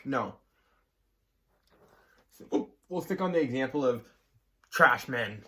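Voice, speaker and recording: A man's voice: medium pitch, expressive, slow, bright, forceful tone. A man with a mid-range voice chats casually as a co-host. He has the hiccups, so short gasps keep cutting into his sentences. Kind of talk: casual podcast chat.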